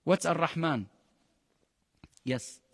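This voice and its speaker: Arabic-accented male religious teacher, fairly high voice, lively and questioning, dry sound with a long hall tail. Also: takes it slowly, gravelly. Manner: animated, questioning the class, pitch jumping high for emphasis. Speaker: Quran teacher. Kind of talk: interactive religious lesson.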